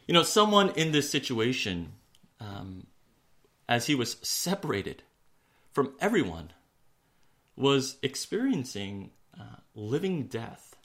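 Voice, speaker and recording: Male pastor preaching; earnest, measured, hushed on the heavy lines. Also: medium pitch, very animated. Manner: earnest, slows for emphasis, drops to a hush on key words. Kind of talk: sermon.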